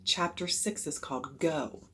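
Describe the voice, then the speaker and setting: A woman reading a children's chapter book aloud with expressive narration. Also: sits low, measured pace, husky.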